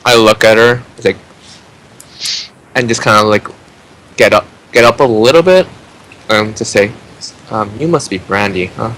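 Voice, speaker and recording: A man's voice: on the low side, unhurried, long pauses, a bit bright, low-quality recording. A man playing a tabletop game who speaks hesitantly and leans on fillers. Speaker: player. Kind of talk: in-character tabletop role-play.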